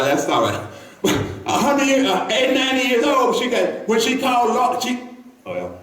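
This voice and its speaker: A man's voice: high voice, a bit bright. A man preaching a sermon in a church, talking with the congregation and often repeating himself. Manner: conversational preaching, calls to the congregation, many repeats. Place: church sanctuary. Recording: echoey church from far off.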